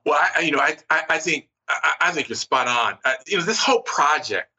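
Sharp, husky-voiced male radio guest. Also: on the high side, lively intonation, a little fast, dull audio. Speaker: guest, author and journalism professor. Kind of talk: talk radio interview.

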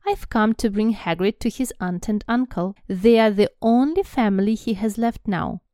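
A woman reading aloud as a calm, firm old man wizard headmaster in her own voice. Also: mid-range voice, moderate pace, dry recording, clean studio sound, close to an everyday voice.

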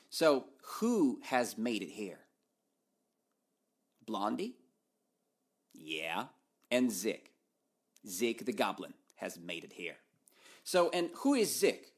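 A man teaching through a story, asking his listeners questions and answering them himself in a playful way. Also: fairly low pitch.

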